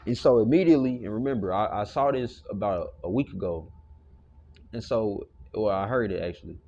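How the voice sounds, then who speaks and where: Low-voiced man giving a casual Bible lesson. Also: normal speed, a little mellow, dull audio, a little hiss or hum. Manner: loose and conversational, with frequent "you know" and profane asides. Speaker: Bible teacher.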